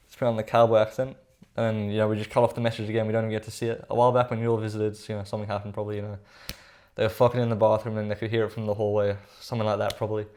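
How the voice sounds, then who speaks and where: Young male reaction commentator, rapid-fire delivery, sarcastic and exasperated. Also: on the low side, level tone, a little mellow. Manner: sarcastic, exasperated, casual slang. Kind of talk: comedic commentary reading text messages aloud.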